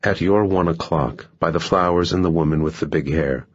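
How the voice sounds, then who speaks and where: A man's voice: deep voice, moderate pace, lo-fi sound. A man reading a dry, cool assassin.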